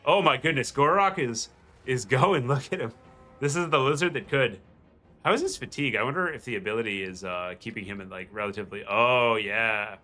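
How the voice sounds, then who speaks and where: A man casts a strategy game match in casual, rambling gameplay commentary, his nasal voice full of fillers and restarts. He speaks briskly at medium pitch in a bright, forceful tone. Faint music sits behind him.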